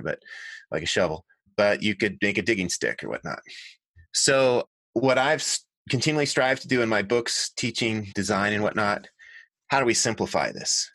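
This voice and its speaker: A middle-aged man, an author and designer, telling stories as an interview guest in an earnest, animated way that often corrects itself mid-sentence. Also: on the low side, dry recording. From United States. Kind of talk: conversational storytelling.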